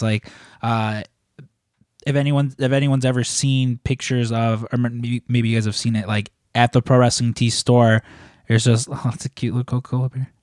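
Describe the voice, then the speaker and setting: A man chats casually and rambles as he tells his stories, with lots of filler words. His voice sits in a middle pitch. It is recorded close and dry, with no room sound. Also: darkish tone, no room sound. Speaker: wrestling merchandise shop employee asking questions. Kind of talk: casual chat.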